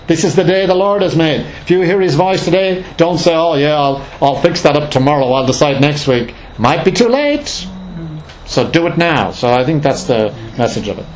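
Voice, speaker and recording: A man's voice: fairly high pitch, slight background noise, poor audio. A man leading an informal Bible study, reading scripture aloud and explaining it in a conversational, emphatic way with many fillers and restarts.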